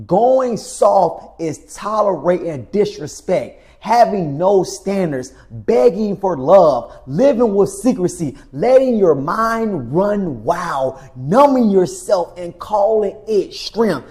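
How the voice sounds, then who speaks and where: Slow, emphatic motivational man. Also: high voice, big pitch swings, a little mellow. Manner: slow, emphatic preaching cadence, repeats "my friend". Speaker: men's coach and channel host. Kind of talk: motivational talk to camera.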